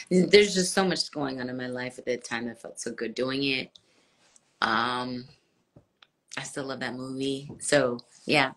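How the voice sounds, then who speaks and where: Woman, live stream chat, deep voice, unhurried, mixes in French and Spanish. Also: a bit bright. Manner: chatty, switches between English, French and Spanish.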